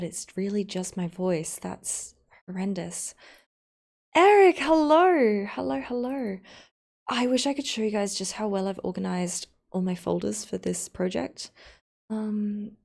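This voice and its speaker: In a creaky, dark, medium-pitched voice, a woman chats to her live-stream viewers as she edits a video. She narrates each step and adds playful side comments along the way.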